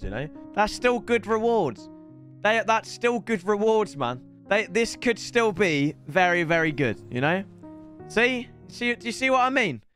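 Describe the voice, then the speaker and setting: A man streaming a football video game live, excitable and swearing, often shouting at the game. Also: sits high. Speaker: gaming streamer. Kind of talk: live gaming stream chat.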